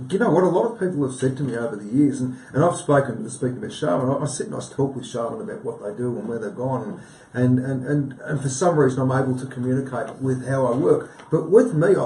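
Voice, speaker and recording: Earnest man, mellow voice. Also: mid-range voice, fast, few pauses, echoey room, recorded from a distance, rough recording. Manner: earnest, rambling, repeats phrases. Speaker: guest healer. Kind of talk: live TV chat.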